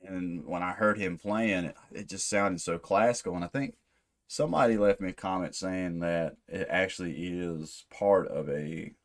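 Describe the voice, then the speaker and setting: Speaking at a moderate pace in a low voice, this music reaction channel host chats casually through the video. He muses aloud, wandering and restarting his thoughts as he goes.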